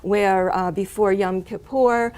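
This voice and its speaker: A middle-aged woman earnestly telling her faith story, with frequent fillers and pauses. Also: medium pitch, steady tone, darkish tone. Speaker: guest sharing her testimony. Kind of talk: personal testimony in conversation.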